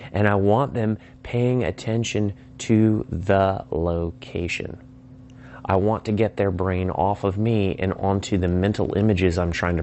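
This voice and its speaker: A man with a fairly low voice explains sales persuasion in a relaxed teaching style. He keeps breaking off to act out sample phone calls, switching voices for each side. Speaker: sales trainer. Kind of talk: instructional talk.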